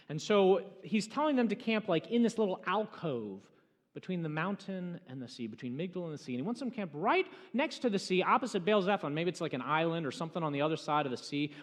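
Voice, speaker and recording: A high-pitched man preaches in a church sanctuary and retells a story with drama. His voice swings from urgent, loud bursts to quiet, hushed passages, and a long reverb trails each phrase. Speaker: pastor. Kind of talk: sermon storytelling.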